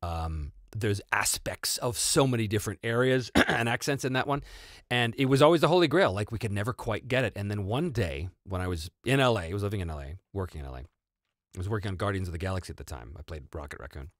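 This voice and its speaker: A North American man hosts a casual Q&A, telling stories with a very lively rise and fall in his voice. He laughs often and interrupts himself as he talks, and the recording is dry and close. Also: lowish voice, fast, no echo. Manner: animated, laughing, self-interrupting. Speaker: host and voice actor. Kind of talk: casual livestream Q&A and storytelling.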